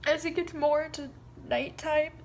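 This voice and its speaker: A young woman vlogging to her viewers, tearful and halting, her voice breaking as she apologizes. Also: high-pitched, flat delivery, slight background noise. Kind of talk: personal vlog talk to viewers.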